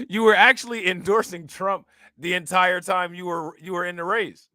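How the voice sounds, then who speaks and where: Guy streaming his reactions to news, slangy and teasing, bright tone, dry close sound. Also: high voice, steady tone, normal speed, no echo. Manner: slangy, mocking, talks straight to viewers. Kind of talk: casual reaction commentary.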